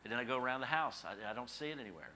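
A middle-aged male pastor delivers a sermon in a bright, forward voice. He leans on homespun stories and asks his listeners questions as he goes, with a faint hiss of noise behind him. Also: mid-range voice, lively intonation, racing. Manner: folksy storytelling with rhetorical questions.

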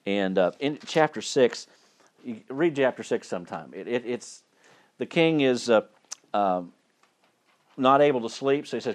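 A male preacher speaking at medium pitch and normal speed retells a Bible story in his sermon. His telling is casual and conversational, and he often restarts and repeats words.

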